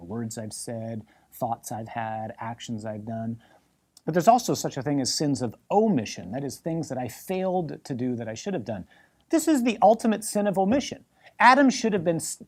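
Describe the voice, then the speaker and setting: A man, a priest, preaching a sermon in an emphatic, animated way with many repetitions. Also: fairly high pitch.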